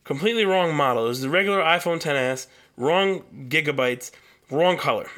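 A man's voice: a little high, brisk, a bit bright. A young man hosting a solo podcast, telling a long story in a heated, profane rant. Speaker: podcast host.

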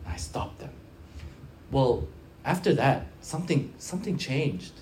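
A pastor preaching a conversational sermon, telling stories in an animated way that swings from quiet to loud, often repeating and restarting phrases. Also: mid-range voice, a little slow, echoey room, slight background noise.

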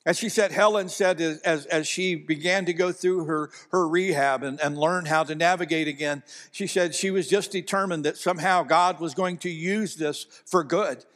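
A man's voice: a little high, moderate pace, hardly any pauses, fairly bright tone, in a large hall. A man from Ohio preaching a sermon, telling stories earnestly and building to emphatic delivery. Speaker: pastor.

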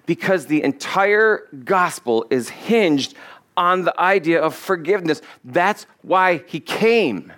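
A man preaching a sermon in a fairly high voice. He drags out key phrases for emphasis, quotes scripture, and asks his listeners questions directly. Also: a bit bright. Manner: addresses congregation directly with questions. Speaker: pastor.

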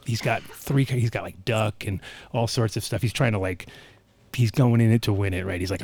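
Male talk host, lowish voice, rambling animated storyteller, swears freely. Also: fairly quick. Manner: rambling, animated, profane storyteller, acts out quotes. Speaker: podcast host. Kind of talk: casual storytelling chat.

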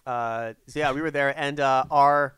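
A man's voice: mid-range voice, fairly even intonation, measured pace, fairly bright tone, clean tone, dry recording, studio quality. A Canadian man in a casual chat, rambling through a travel story with lots of fillers.

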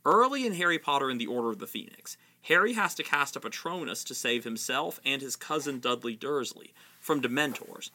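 A man's voice: mid-range voice, lively intonation, brisk, hardly any pauses, sharp tone. A man narrating an analytical video essay about a fantasy book series. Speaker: literary analyst.

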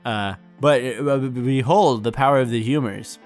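A man's voice: medium pitch, moderate pace, soft background music, close to an everyday voice. A man voicing a nervous, rambling young male scholar-magician in a storybook reading, with a slightly raised, stammering voice. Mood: flustered.

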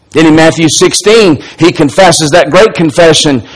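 A man preaching a sermon, reading scripture aloud and retelling its dialogue, moving between soft, low asides and raised, emphatic lines. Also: expressive, moderate pace, hardly any pauses, low-quality recording. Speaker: pastor.

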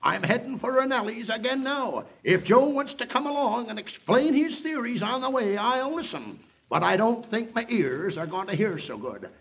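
A duty-bound frontier marshal speaks in a husky, unusually high voice with a folksy drawl. His pitch swings widely, and he comes through the dull sound of an old radio broadcast. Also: expressive, moderate pace, hardly any pauses, a bit bright, exaggerated voice. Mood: stern. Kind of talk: 1940s radio acting.

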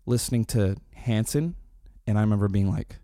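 Low, mellow man telling casual stories. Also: normal speed, no echo, clean studio sound. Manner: animated storytelling with quoted impressions, swearing and laughs. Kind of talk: casual chat.

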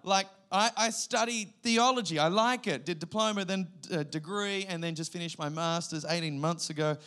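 Here an Australian guest pastor in his thirties gives a sermon of lively anecdotes broken by loud bursts. The voice sits high, and the speed is normal.

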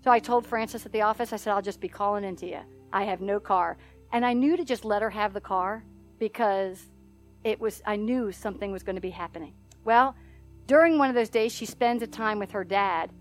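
A middle-aged woman minister telling a story in a sermon, animated and often laughing as she acts out the voices in it. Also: medium pitch, fairly quick, faint music behind.

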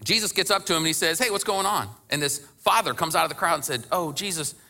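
A man's voice: fairly high pitch, quick pace, creaky, bright, forceful tone. A man preaching a sermon in a conversational way, who acts out scripture quotes and rises to impassioned emphasis. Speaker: pastor.

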